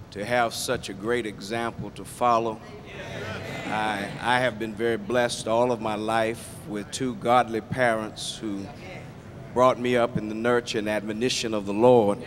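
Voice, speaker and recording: A man's voice: on the low side, noisy background. A middle-aged man preaching a sermon, folksy and humorous, often repeating words as he goes. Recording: reverberant hall.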